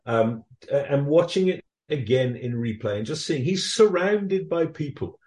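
A man's voice: on the high side, expressive, measured pace, a little mellow, roomy sound. A man, a rugby correspondent, answering interview questions in a reflective, anecdotal way, with many ums and restarts.

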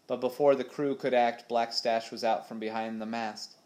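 Man, audiobook narrator, steady expressive storytelling, adventure novel. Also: medium pitch, moderate pace.

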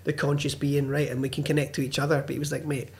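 A man's voice: fairly high pitch, level tone, racing. A man chatting casually as a podcast guest, swearing freely as he tells stories. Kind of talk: casual chat.

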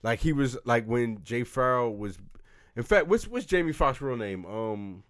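A man co-hosting a casual chat, talking in an animated way and slipping into quick impressions. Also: medium pitch, no echo, clean studio sound. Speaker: podcast co-host.

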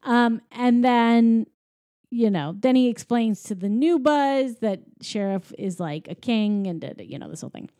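A lively woman in her thirties retells a film scene by scene in casual chat, popping into quick voices for each character. Her voice sits a bit high, and the recording is dry and close with no room sound. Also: dry recording. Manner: animated, acts out characters' lines in quick voices. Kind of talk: casual chat recapping a movie.

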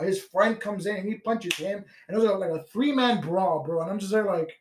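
Young male podcast guest, high-pitched, rambling profane storyteller, recorded in a roomy space. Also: moderate pace, hardly any pauses, a little hiss or hum. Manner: rambling, swearing, many fillers. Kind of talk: casual chat. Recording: roomy echo.

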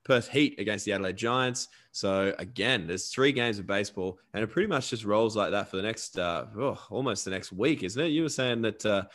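A man's voice: lowish voice, fairly quick, hardly any pauses, a bit bright. Upbeat man hosting a podcast. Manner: upbeat, chatty, repeats catchphrases. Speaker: podcast co-host. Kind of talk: casual podcast chat with sponsor reads.

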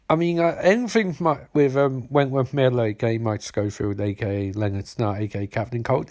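A man's voice: on the high side, gravelly, darkish tone. A man casually recapping and rating a TV episode, rambling with sarcastic asides and lots of fillers. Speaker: TV episode reviewer.

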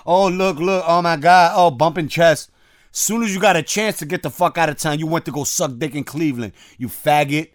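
A man hosting a casual show, ranting loudly with heavy slang and swearing. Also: on the high side, a little fast, no room sound, studio quality. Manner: loud, animated, swearing, street slang. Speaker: host. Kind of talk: casual profane rant.

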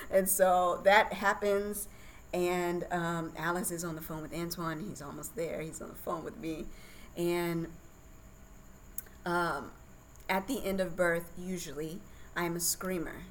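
A woman's voice: lowish voice, fairly even intonation, slow, slight background noise, low-quality recording. A woman guest on a podcast telling her birth story in a candid, chatty way, laughing often.

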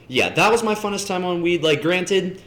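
A man's voice: high voice, expressive, normal speed, fairly bright tone, a little hiss or hum. A young man chatting as a podcast guest, telling rambling laid-back stories full of fillers. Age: young adult. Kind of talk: casual chat. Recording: echoey room.

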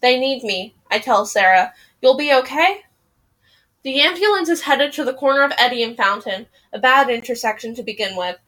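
A woman hosting a podcast, reading a novel aloud with an emotional, expressive delivery in first person. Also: on the high side.

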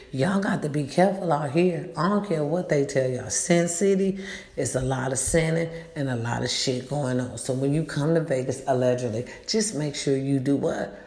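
Blunt, swearing woman telling a story. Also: low-pitched. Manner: blunt, animated, swears freely. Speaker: vlogger. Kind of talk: casual storytelling rant. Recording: echoey room.

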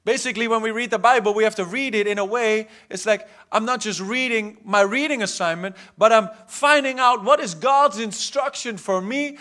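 A man preaching a charismatic sermon in a church hall, his voice sitting unusually high. He swings from loud, fervent exhortation to quiet asides, and his tone rings bright and forceful through a stage mic. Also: moderate pace, hardly any pauses. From South Africa. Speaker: pastor.

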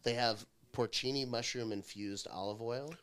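A man with a bright, forward voice chatting on a podcast. He jokes constantly and swears easily, and his delivery is animated. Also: medium pitch, normal speed, clear, resonant tone. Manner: animated, jokey, swears casually. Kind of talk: casual chat.

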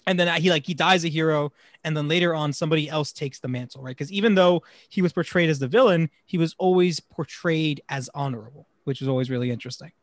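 A man's voice: fairly high pitch, fast, no room sound, clean studio sound. A man hosting a casual podcast about films, rambling and stumbling over his words and laughing often. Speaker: podcast host.

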